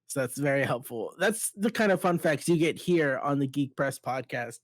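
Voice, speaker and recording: A man's voice: medium pitch, animated, no echo. A man co-hosting a podcast, goofy and playful, tossing out jokes in casual chat. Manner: goofy, playful, quick to laugh. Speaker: podcast co-host.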